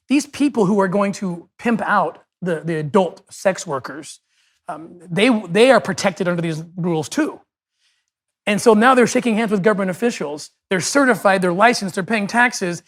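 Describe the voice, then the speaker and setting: A man's voice: high voice, fairly bright tone. A middle-aged man, a podcast guest, telling an emotional story in a conversational, earnest way.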